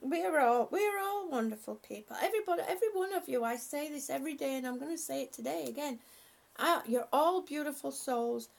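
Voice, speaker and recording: A woman's voice: sits high, expressive, a little fast, creaky. A woman on a live stream reading out viewer comments and thanking them, emotional and laughing often, a little short of breath.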